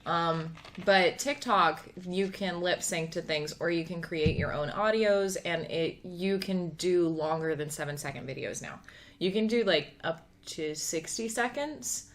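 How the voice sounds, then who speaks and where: A woman's voice: lowish voice, unhurried, slight background noise. A young woman co-hosting a podcast, chatting casually and laughing often. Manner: giggly, explaining. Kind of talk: casual chat.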